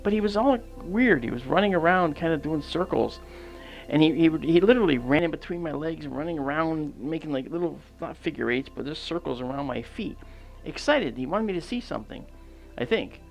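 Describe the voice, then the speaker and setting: Man with a gravelly voice, rambling storyteller. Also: fairly high pitch, a little fast, soft background music. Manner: rambling, many fillers and restarts, animated quoted dialogue. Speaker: astronomy livestream host. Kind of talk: casual anecdote storytelling.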